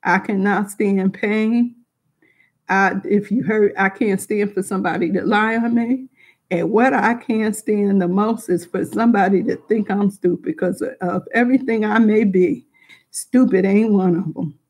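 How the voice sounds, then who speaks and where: A woman's voice: mid-range voice, fairly even intonation, measured pace, darkish tone. Frank, rambling middle-aged woman. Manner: rambling, with frequent restarts and asides; frank and emotional. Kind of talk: candid personal storytelling.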